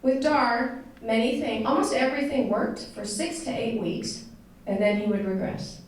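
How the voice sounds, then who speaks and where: A woman's voice: on the high side, moderate pace. Woman telling a story in an echoey room. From United States. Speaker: speaker telling a personal story to an audience. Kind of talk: personal storytelling talk. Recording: echoey room, voice picked up from a distance with some noise.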